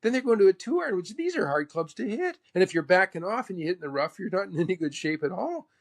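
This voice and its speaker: A man's voice: sits high, very animated, fast, pitched above the performer's own voice, exaggerated voice. A man impersonating a quirky older male golf legend who talks in a sing-song way, starts lines with "ooh", repeats phrases and calls people "pal". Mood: explaining.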